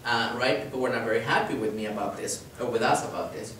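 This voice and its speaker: A man giving a public talk as an activist, telling a story with lively quotes and a frequent "right?". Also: mid-range voice, fast, slight background noise. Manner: animated storyteller, acts out quotes, tag question "right?". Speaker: activist speaker. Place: lecture hall. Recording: echoey hall, speaker far from mic.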